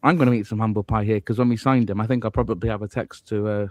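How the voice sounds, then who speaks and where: A man's voice: lowish voice, fast, dry recording. Wry man chatting about football, dry sound. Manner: lively, humorous, wry. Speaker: podcast co-host. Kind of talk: casual football chat.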